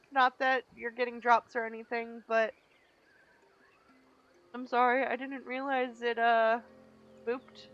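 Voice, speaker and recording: A woman, streaming a video game and chatting casually to her viewers as she plays. Her voice is bright and crisp and sits a little high. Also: muffled recording. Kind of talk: casual gameplay commentary.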